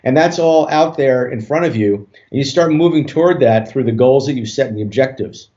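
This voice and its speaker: A man, a hypnotist guest on an interview show, tells a story in a relaxed way with many fillers and restarts. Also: medium pitch, a little fast. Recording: dull lo-fi audio.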